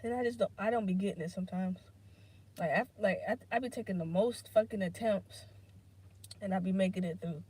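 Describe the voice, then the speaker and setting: A woman's voice: mid-range voice, fairly quick, a little mellow, husky. Rambling, foul-mouthed woman podcasting alone. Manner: rambling, unfiltered, swears freely; drifts between topics, many fillers. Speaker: podcast host. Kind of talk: casual solo podcast monologue.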